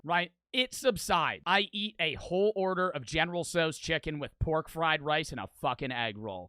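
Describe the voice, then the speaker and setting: A young man telling a crude story in casual, profane, animated fashion. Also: fairly high pitch, moderate pace, hardly any pauses, clean tone, dry recording. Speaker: streamer.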